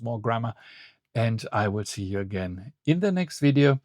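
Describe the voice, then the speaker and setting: Man, online language tutor, mid-pitched voice, dry recording, careful clear delivery. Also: darkish tone, dry recording. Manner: clear, slow model phrases with quiz prompts. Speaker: Greek language teacher.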